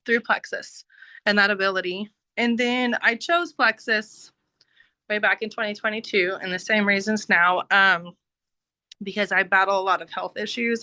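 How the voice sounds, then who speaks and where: A woman's voice: mid-range voice, pushed and bright, no room sound, low-quality recording. A woman giving a heartfelt personal testimony over a video call, talking casually with frequent laughs and filler words. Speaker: business team member giving a testimony.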